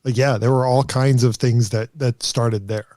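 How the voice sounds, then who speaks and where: A man co-hosting a podcast, chatting casually in a quick, joking way. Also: medium pitch, steady tone, dark tone. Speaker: podcast co-host. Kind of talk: casual chat.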